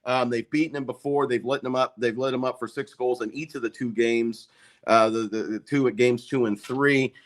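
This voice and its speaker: A man's voice: medium pitch, steady tone, normal speed. A man as a hockey reporter guest on a sports talk show, reassuring and easygoing, with frequent um and uh fillers. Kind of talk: casual sports talk interview.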